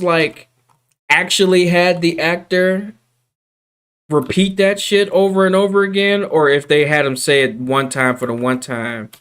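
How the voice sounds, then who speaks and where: A young man streaming, chatting casually, rambling, swearing freely and drifting between loud bursts and mutters. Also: a little high. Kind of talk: casual livestream chat.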